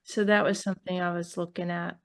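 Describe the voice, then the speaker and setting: Woman, New York accent, poet, casual interview talk, halting, restarts a lot. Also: on the low side, little pitch movement. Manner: halting, searching for words with many restarts. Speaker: poet discussing her new book.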